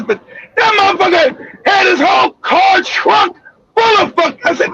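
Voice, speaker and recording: A very high-pitched, gravelly man tells a story at full volume. He shouts, stretches his words and acts out the other people. The sound is muffled and lo-fi, with faint noise behind him. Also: big pitch swings, measured pace. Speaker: co-host telling a story. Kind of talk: loud casual storytelling.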